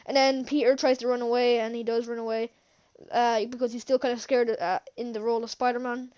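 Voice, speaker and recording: A film reviewer with her own channel talks fairly quickly in a slightly high, darkish voice that is clear and resonant, though her delivery is flat. She recaps a movie casually for her vlog, wandering through fillers and restarts and chuckling often as she retells scenes.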